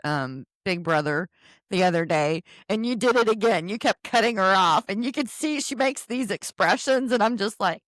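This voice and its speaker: A woman co-hosting a casual podcast recap, easygoing and quick to laugh. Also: medium pitch, expressive, fairly bright tone, dry recording, studio quality. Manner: easygoing, laughs often, agreeable. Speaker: podcast co-host.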